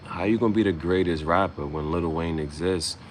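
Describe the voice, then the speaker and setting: A man's voice: low voice, a little fast, slight background noise. A man freestyling a loose, swaggering, profane rhyming monologue as host.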